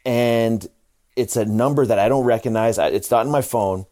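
A man's voice: mid-range voice, moderate pace, warm tone. A married man co-hosting a podcast, telling a story in laid-back casual chat, with frequent swearing. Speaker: podcast co-host.

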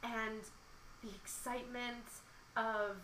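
Young woman, expressive poetry reading, chatty, slightly high voice, roomy echo. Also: slow pace, slight background noise. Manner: expressive dramatic reading, then chatty with many "like"s. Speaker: podcast co-host discussing poetry. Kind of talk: poetry reading and casual chat.

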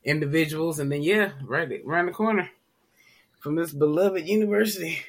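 Speaking at a normal speed in a somewhat high voice, this podcast co-host from Tennessee keeps the chat casual. He tells loose, meandering stories and leans on "you know" constantly.

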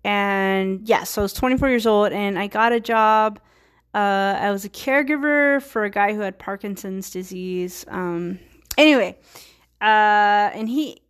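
A woman in her thirties, from Virginia, hosting her own podcast and talking casually with many fillers and restarts. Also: mid-range voice. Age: 30s. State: a little tired. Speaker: podcast host. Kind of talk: casual solo talk.

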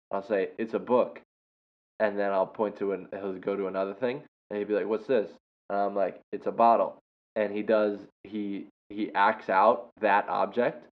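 A young man with a lowish voice tells a rambling, funny anecdote in a relaxed, casual way, cracking up as he goes. The recording is dull and lo-fi. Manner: laughs often, bursts into loud impressions. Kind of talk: casual storytelling. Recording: dull lo-fi sound.

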